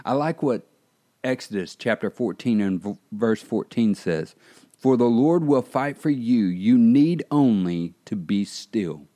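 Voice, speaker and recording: A man's voice: mid-range voice, expressive, a little slow, dark tone. A middle-aged man, a pastor, delivering an earnest podcast sermon that builds in fervor. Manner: earnest preaching, rising in fervor.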